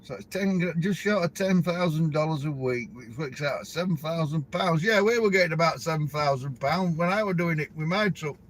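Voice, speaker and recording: Chatty Yorkshire trucker with a high voice. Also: male voice, animated, fairly quick, hardly any pauses. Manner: rambling, chatty, laughs between stories. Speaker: truck driver. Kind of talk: casual chat to camera.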